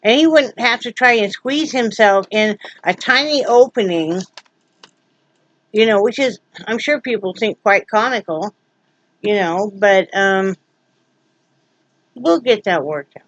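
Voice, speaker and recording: A woman's voice: medium pitch, unhurried, pauses often, no echo, lo-fi sound. A woman vlogging from home in a casual, rambling way, joking and full of fillers. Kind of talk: casual vlog chat.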